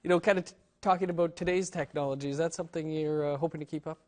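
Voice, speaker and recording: A man hosting an interview, asking questions in a measured way with many hesitations. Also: fairly high pitch, fairly even intonation, a little mellow. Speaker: interview host.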